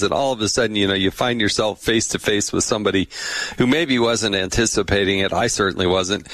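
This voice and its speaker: A middle-aged man hosts a podcast in a relaxed, chatty way, spinning funny stories. His voice sits on the low side. The sound is dry and close, with no room echo. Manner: chatty, tells funny anecdotes with animated quoted voices. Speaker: podcast host. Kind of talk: casual political podcast chat.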